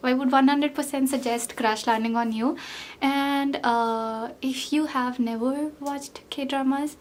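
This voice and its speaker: A woman's voice: high-pitched, steady tone, unhurried. A young woman vlogger talking through her makeup routine in a rambling, chatty way, full of fillers and self-deprecating asides. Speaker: beauty vlogger. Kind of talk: chatty get-ready-with-me makeup talk.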